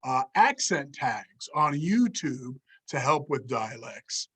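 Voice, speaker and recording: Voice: medium pitch, sing-song, slow, a bit bright, husky. A workshop moderator reading an audience question aloud in a hesitant way.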